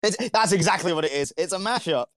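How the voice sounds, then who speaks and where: A man's voice: high voice, fast, no echo. A man rambling through a podcast chat with a slightly raised voice, tripping over his words and laughing along. The sound is dry, with no room to speak of. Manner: rambling, self-correcting, laughs often. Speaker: podcast co-host. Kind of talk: casual chat.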